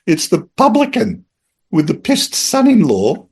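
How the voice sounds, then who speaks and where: Lively Australian man telling a story. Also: sits high, unhurried, breathy edge. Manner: lively storyteller who acts out voices and laughs mid-sentence. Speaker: guest, former police officer. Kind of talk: casual storytelling anecdote.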